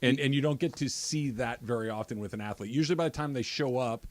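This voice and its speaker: Dry-miked American sports radio host. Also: male voice, mid-range voice, fast, no room sound. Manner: teasing, laughs easily, reads listener messages aloud. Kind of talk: casual sports talk.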